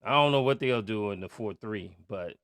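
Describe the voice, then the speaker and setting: A man hosting a podcast, ranting angrily as a sports fan, profane and heated, swinging from loud outbursts to low muttering. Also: moderate pace, smooth, no echo. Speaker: podcast host. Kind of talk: angry fan rant.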